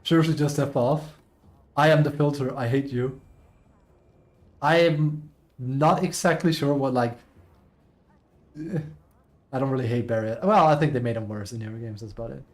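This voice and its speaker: A man streaming live, chatting casually and reading posts aloud, excitable, laughing often and swearing casually. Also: mid-range voice, normal speed, long pauses.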